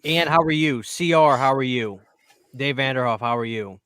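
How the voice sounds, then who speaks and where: A man's voice: medium pitch, normal speed, a bit bright, smooth, no room sound. A man hosting a casual livestream, upbeat and reading out chat names. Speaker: livestream host.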